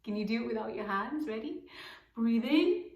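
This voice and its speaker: A woman teaching a children's circle time lesson in a gentle, encouraging way, sometimes dropping to a whisper. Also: on the high side, animated, normal speed, muffled recording. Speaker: preschool teacher. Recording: roomy echoey room.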